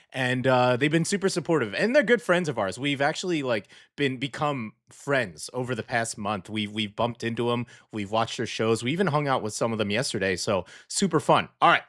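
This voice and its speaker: A man's voice: mid-range voice, fairly bright tone. A man hosting a casual English morning show, joking around with a put-on Southern twang and rambling through fillers and self-corrections. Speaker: radio show host.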